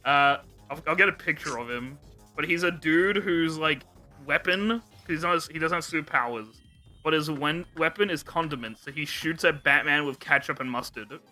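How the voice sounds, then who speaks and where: A young man with a very bright, cutting voice hosts a casual podcast. He talks in a fairly high register. He retells scenes in an animated, joking way and swears freely, with faint music underneath. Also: normal speed. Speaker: podcast host.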